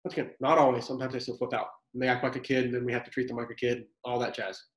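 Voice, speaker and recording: A man who teaches high school giving casual, conversational advice on working with teens. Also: level tone, rapid-fire. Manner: conversational, acts out student exchanges. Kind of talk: casual classroom advice talk. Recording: echoey room.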